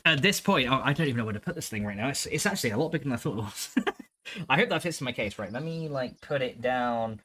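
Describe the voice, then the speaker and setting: A chatty man talking casually on a home livestream. He rambles through his thoughts with frequent restarts and swears freely. His pitch sits in a middling range. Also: animated, fast, sharp tone. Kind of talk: casual stream chat reading viewer messages. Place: home streaming room.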